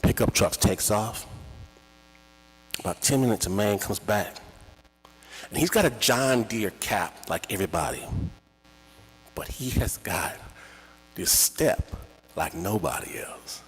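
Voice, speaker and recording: A man performs a personal story live, his husky voice bright and full of wide swings in pitch. He talks in a theatrical, conversational way. The room gives a long, echoing reverb. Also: animated, slow pace, long pauses, soft background music. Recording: echoey hall with long reverb.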